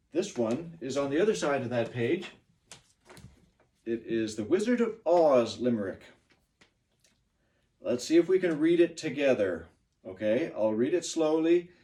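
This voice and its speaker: A man teaching a pronunciation lesson to learners, speaking slowly and deliberately with encouragement. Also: medium pitch, a little mellow, far from the mic. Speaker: English teacher.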